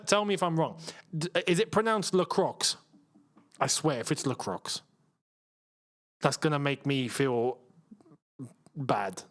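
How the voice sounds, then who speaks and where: Excitable young man. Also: fairly high pitch. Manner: excitable, shouts at chances, chatty slang. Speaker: football channel host. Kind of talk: live match watchalong commentary.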